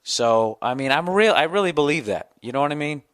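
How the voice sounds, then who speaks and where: A man in his forties, a comedian hosting his podcast, telling a long profane story in a ranting, animated way. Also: fairly high pitch, brisk, no echo, clean studio sound. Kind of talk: casual storytelling monologue.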